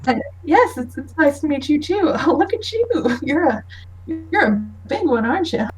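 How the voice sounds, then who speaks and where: A woman voicing an eccentric, mysterious male high elf who greets guests flamboyantly and hesitantly. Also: big pitch swings, normal speed, distant mic, poor audio.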